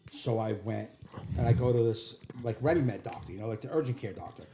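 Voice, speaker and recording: A man's voice: medium pitch, fast. A man co-hosting a comedy podcast, telling a crude story bluntly in casual chat. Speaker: podcast co-host. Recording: echoey room with faint noise.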